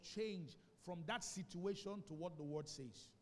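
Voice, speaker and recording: A man's voice: sits high, moderate pace, long reverb tail. A Nigerian-accented male pastor preaching a sermon with emphatic repetition and call-and-response questions to the congregation. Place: church sanctuary.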